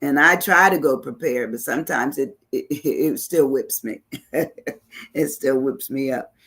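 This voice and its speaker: Her voice rumbles low, slightly bright with a breathy edge, and she keeps a measured pace. The woman hosts an online talk show, reflecting casually on viewer comments she reads aloud, with frequent "you know" asides.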